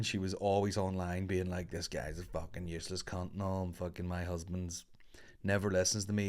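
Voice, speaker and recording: This is a comedian rambling through a casual podcast monologue, his voice slightly mellow and on the low side. He sounds laid-back and swears freely.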